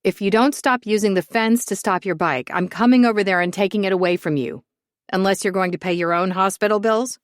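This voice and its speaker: An exasperated mother , played by a woman reading a story, scolds her reckless child in a sharp, quick voice. She is protective under the anger. The sound is close and dry. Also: mid-range voice, no echo, lightly acted. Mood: scolding.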